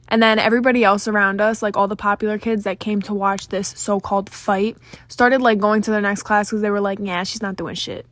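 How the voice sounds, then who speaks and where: Woman, mid-pitched voice, close dry sound, relaxed chatty storyteller. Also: fairly quick, dry recording. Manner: relaxed, chatty, acts out quoted lines. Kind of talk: casual storytime.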